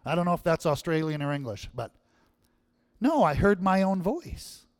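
A man's voice: on the high side, expressive, moderate pace, no room sound. A male pastor giving a sermon in a conversational way, often checking in with the audience. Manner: conversational, keeps asking the audience "right?".

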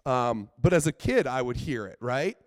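A man preaches a sermon in a chatty, earnest manner, peppering his talk with "like". His voice is smooth and clear, at a middling pitch for a man. The sound is dry and close, with no room echo. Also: lively intonation, normal speed. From British Columbia, Canada. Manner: earnest, conversational, with frequent filler "like"; swings between soft, quiet asides and loud, emphatic outbursts.

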